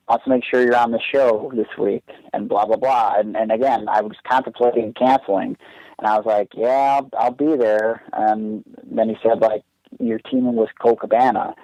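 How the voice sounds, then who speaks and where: Warm and medium in pitch, a young wrestler rambles through a lengthy story on a podcast, restarting often and filling gaps with "like." The recording is dry, dull and lo-fi.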